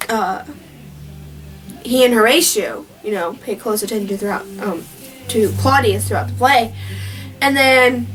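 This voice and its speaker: Brief: a young woman vlogger with a high, unhurried voice, casually retelling a story, recorded from a distance. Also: a bit bright. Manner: rambling, with many fillers and restarts. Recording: distant mic with faint music.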